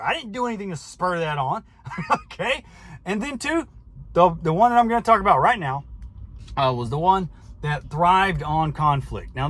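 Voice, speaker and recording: A man's voice: on the high side, fairly bright tone. A middle-aged man talking casually to the camera from inside his vehicle, rambling and defensive, often restarting his sentences. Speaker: vlogger, trucker.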